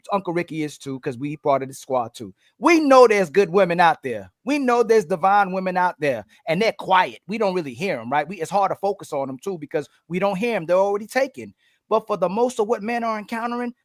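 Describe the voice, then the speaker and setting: A man's voice: high-pitched, lively intonation, brisk, no room sound, clean studio sound. A man co-hosting a panel debate, making emphatic points in long runs of repeated phrases. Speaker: panel co-host.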